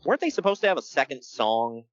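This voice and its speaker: A man's voice: medium pitch, quick pace, dry recording, muffled recording. A man co-hosting a casual podcast, joking and laughing as he recaps a wrestling show. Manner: joking, animated, laughs often. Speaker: podcast co-host.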